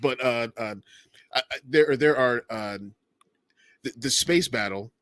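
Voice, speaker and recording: A man in his forties co-hosting a podcast, chatting casually and joking, acting out quotes in loud voices. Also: medium pitch, a little slow, no echo. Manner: animated, jokey, acts out quotes in loud voices. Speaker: podcast co-host. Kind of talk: casual chat.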